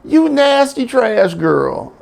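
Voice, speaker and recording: A man doing an indignant family dog, thrown into a shrill, high squeal and yelling with wild swoops of pitch. He sounds like a comic storyteller's cartoonish pet. The voice is gravelly underneath. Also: big pitch swings, takes it slowly, heavily acted. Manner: high-pitched, squawking, shouting insults.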